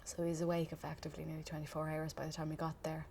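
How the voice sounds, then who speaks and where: A young Irish woman giving a documentary interview, recounting events in a measured, steady way. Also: sits low, gravelly, breathy edge.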